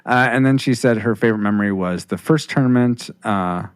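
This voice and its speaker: A man's voice: lowish voice, fairly quick, clear, resonant tone, dry recording. A man hosting a casual podcast, rambling with restarts while reading listener comments on a close mic. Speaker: podcast host.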